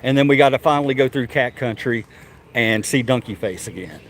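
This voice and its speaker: A vlogger walks around a zoo outdoors, filming on a handheld phone and chatting casually with both his viewers and the animals. His mid-range male voice moves fairly quickly, with a little hiss or hum.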